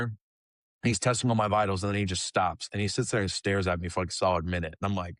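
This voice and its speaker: A young man in his twenties, a kids ministry leader, telling a personal story in a casual, animated way and acting out the dialogue. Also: fairly low pitch, quick pace, dry recording, clean studio sound. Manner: animated storyteller who acts out quoted dialogue; casual, with frequent fillers like "like" and "um". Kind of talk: conversational storytelling.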